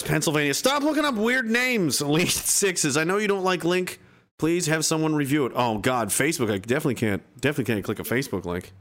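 A man's voice: fairly high pitch, fairly bright tone. A man streaming, ranting in a sarcastic, rambling way with stumbling restarts. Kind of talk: casual ranting commentary. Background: music.

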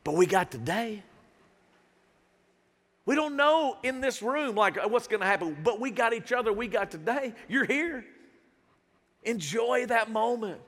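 High-voiced preaching man in a reverberant hall. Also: a little slow, pauses often. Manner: animated preaching with sudden swings between soft and loud; calls out to the congregation. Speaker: pastor. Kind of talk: sermon. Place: church sanctuary with a live congregation.

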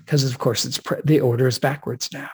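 Husky man discussing literature emphatically. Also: mid-range voice, fairly even intonation. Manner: emphatic, slows down to read quotations with weight. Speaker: guest author and speaker.

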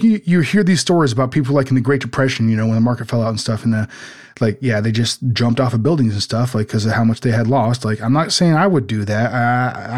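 A man's voice: mid-range voice, darkish tone. A man in casual podcast conversation, rambling with lots of "like" and "you know" and some swearing.

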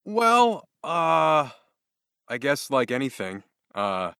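Bright, lively, low-voiced man. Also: slow, creaky, clear, resonant tone. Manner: laughing, animated storyteller. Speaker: audiobook narrator, guest. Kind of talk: conversational interview answers.

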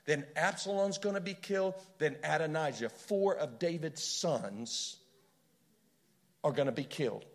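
Impassioned, gravelly male preacher. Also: a little high, expressive, a little slow. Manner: impassioned storytelling, rhetorical questions. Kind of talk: sermon.

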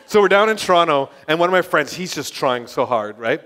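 A man with a high voice preaching to a group, telling testimony stories in a passionate, excitable way. He rambles and restarts, then surges into loud, fired-up bursts. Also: brisk. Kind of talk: sermon testimony storytelling.

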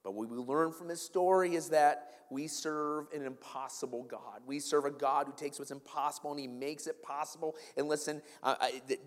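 A man preaching a sermon as pastor, swinging between loud emphasis and quiet asides. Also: on the high side, steady tone, moderate pace, hardly any pauses, big-room sound.

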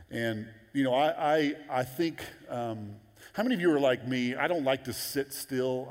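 Animated preacher in a reverberant hall. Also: male voice. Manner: animated, jumps into high excited voices for quotes. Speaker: pastor. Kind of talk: sermon. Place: large church auditorium.

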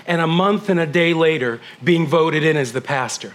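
A middle-aged man preaching a sermon as pastor, swinging from loud emphatic declarations to hushed, almost whispered passages. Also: fairly high pitch, steady tone, moderate pace, few pauses.

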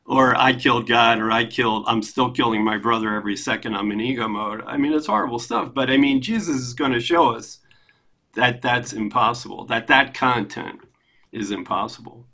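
A man's voice: medium pitch, normal speed, bright, forceful tone. A man speaking earnestly in a group discussion, emphatic and laughing at himself. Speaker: class participant.

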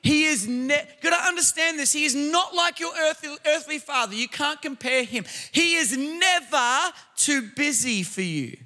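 A man preaching a sermon, emphatic, repeating phrases and building to shouts. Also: very high-pitched, expressive, normal speed, few pauses. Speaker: pastor. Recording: long hall reverb.

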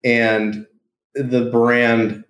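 A man being interviewed about his business, telling lively stories, acting out quotes and laughing often. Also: medium pitch, extremely slow. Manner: animated storyteller, laughs often, acts out quotes. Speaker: podcast guest, entrepreneur. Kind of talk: casual interview storytelling. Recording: roomy echo.

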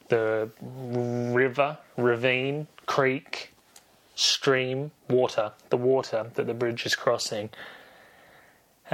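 A man's voice: medium pitch, fairly bright tone. A man hosting a podcast, recapping a film in a rambling, jokey way and correcting himself as he goes. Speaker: podcast host.

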